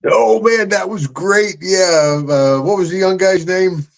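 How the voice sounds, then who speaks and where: A man's voice: sits high, takes it slowly, vocal fry. An older man, a retired wrestler hosting his own show, telling stories in casual chat, boisterous and laughing often.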